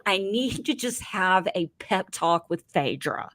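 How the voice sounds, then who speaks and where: A woman's voice: mid-range voice, animated, unhurried, fairly bright tone. A woman co-hosting a reality-TV podcast in playful, casual chat. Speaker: podcast co-host.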